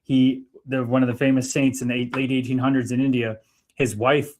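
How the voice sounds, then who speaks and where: A man co-hosting a livestream, telling spiritual stories in an animated way that swings between loud and soft. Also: medium pitch, brisk, a little hiss or hum. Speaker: livestream co-host. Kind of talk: spiritual casual chat.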